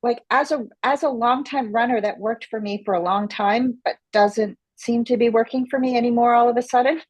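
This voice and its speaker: A middle-aged woman in a fitness class asking a question, hesitant and halting, searching for her words. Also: on the high side, steady tone, no room sound, poor audio. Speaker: class participant.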